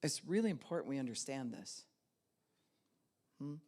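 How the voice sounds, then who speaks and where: A woman pastor preaching a conversational sermon. She speaks directly to her listeners and swings her pitch and loudness to act out the thoughts she quotes. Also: very animated, normal speed.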